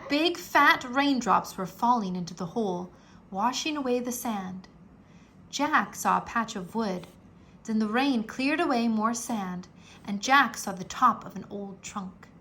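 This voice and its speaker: A woman reading a children's book aloud in a slow, animated storytelling manner, with a gravelly edge. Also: on the high side, slight background noise. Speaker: read-aloud narrator.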